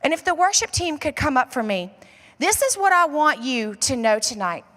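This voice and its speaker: High, bright woman pastor preaching. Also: sing-song, long reverb tail. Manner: storytelling, quick and conversational, slows for emphasis. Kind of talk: sermon. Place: large church hall.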